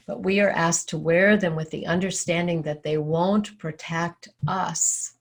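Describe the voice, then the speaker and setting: Slow, gravelly-voiced woman teacher. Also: deep voice. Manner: calm storytelling. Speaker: spiritual teacher. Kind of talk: sermon.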